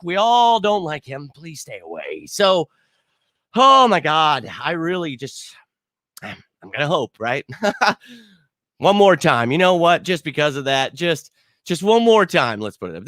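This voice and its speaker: A man's voice: a little high, pushed and bright, dry recording, clean studio sound. A man hosting a livestream postgame reaction show, frustrated and swearing as he reads chat comments. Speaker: sports fan show host.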